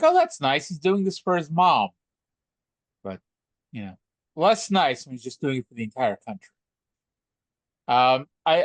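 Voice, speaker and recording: A man's voice: a little high, dry recording. A man co-hosting a podcast, joking and rambling in casual chat. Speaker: podcast co-host.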